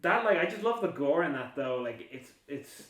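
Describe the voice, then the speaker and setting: A man's voice: fairly high pitch, very animated, moderate pace, fairly bright tone, distant mic. A man hosting a casual film podcast, rambling and laughing as he talks. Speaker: podcast host. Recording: echoey room, off-mic.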